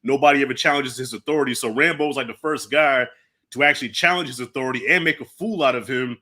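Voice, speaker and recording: A man hosting a casual movie review, animated and profane, acting out lines from the film. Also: medium pitch, quick pace. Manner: animated, swears freely, acts out lines from the film. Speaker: channel host.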